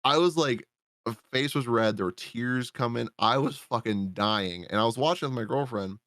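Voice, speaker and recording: A man's voice: mid-range voice, moderate pace, a bit bright, dry recording, clean studio sound. A man casually recapping a movie on a podcast, rambling and swearing freely as he acts out his own reactions. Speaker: podcast co-host reviewing a film.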